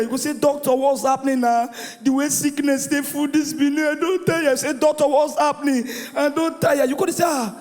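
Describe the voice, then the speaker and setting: A man with a Nigerian accent doing a stand-up comedy routine, animated and shouting his punchlines while acting out the voices in his jokes. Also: very high voice, a little fast, hardly any pauses, soft background music. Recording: live venue with long reverb.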